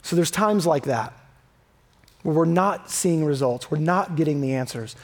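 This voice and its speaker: A man preaching a sermon in a conversational, emphatic way, dropping low and quiet when he reads scripture. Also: a little slow.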